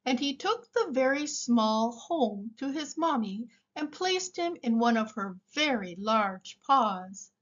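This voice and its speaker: A woman reading a picture book aloud for young children in a slow, expressive way. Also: fairly high pitch, muffled recording. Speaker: storybook reader.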